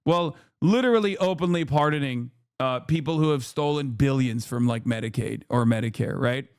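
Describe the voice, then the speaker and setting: Sarcastic, profane male streamer with a smooth voice. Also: medium pitch, normal speed. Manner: sarcastic and profane, with frequent fillers; mocking and rhetorical. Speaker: streamer reacting to news. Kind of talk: casual live-stream commentary.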